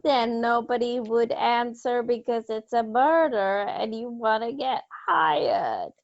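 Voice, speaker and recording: A woman's voice: fairly high pitch, expressive, slow pace, dry recording, highs cut off. A woman co-hosting a podcast in casual chat, playful and laughing easily. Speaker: podcast co-host.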